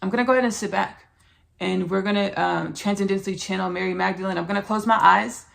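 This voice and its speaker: A woman's voice: mid-range voice, fairly even intonation, quick pace, vocal fry. A woman hosting a spiritual podcast, speaking in an earnest, repetitive, preachy way as she talks about channeling. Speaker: podcast host.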